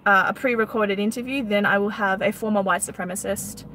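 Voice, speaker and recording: A woman's voice: mid-range voice, fairly even intonation, fairly quick, noisy background. A woman vlogging in a casual, indignant storytelling monologue, retelling an argument. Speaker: political vlogger.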